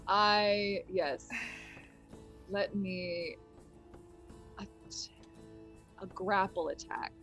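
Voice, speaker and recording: A woman's voice: mid-range voice, steady tone, very slow, pauses often, a bit bright, faint music behind. A woman player in a tabletop game, hesitant and flustered while sorting out her roll. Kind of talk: casual play at a tabletop game.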